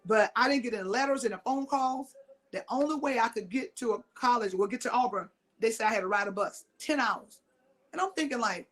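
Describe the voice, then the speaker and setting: A middle-aged woman from Mississippi gives a motivational talk in a voice on the high side, speaking a little fast. She's emphatic, repeats her key lines, and fires questions at the audience.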